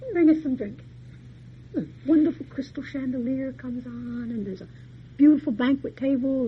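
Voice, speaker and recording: A woman's voice: fairly high pitch, lo-fi sound, a little hiss or hum. Chatty woman lecturer retelling a tale. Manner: folksy, chatty retelling with asides. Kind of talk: storytelling lecture.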